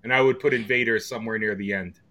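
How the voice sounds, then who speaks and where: A man's voice: on the low side, steady tone, quick pace, pushed and bright. A man co-hosting a casual podcast, talking emphatically about metal records and swearing freely. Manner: emphatic, swears, hums riffs. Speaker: podcast co-host.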